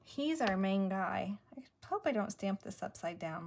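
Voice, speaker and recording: A woman sits at her craft table and chats casually, thinking aloud as she works. She drops to a murmur now and then, a little winded, in a middle-pitched voice. There is a faint hiss of noise behind her. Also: expressive, moderate pace, hardly any pauses. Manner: chatty, thinking aloud, murmuring to herself while stamping. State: a bit winded. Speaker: craft video creator.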